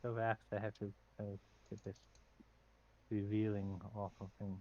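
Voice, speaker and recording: A man narrating a tabletop game as game master, describing scenes in a halting way with fillers and restarts. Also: fairly low pitch, level tone, dark tone, dull audio.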